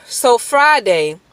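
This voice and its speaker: A woman's voice: fairly high pitch, fairly bright tone, smooth, no echo. A woman giving a personal faith testimony in earnest, emotional, informal speech, breaking into prayer. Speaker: testimony speaker.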